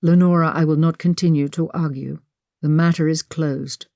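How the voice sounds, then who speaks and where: Female narrator doing a proud duke, firm and clipped, low voice, dry sound. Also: fairly even intonation, normal speed, creaky, dark tone, dry recording. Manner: curt, firm.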